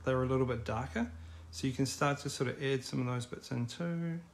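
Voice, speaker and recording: A man's voice: mid-range voice, fairly quick, gravelly, a little hiss or hum. A middle-aged man teaching a live online drawing class in a casual, encouraging, chatty way. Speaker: art teacher.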